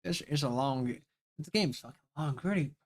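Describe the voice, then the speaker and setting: A man's voice: on the high side, moderate pace. A man livestreaming a story game, rambling casually to his chat with plenty of swearing. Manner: rambling, profane, talks to chat. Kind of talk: casual live-stream chat while reading a game.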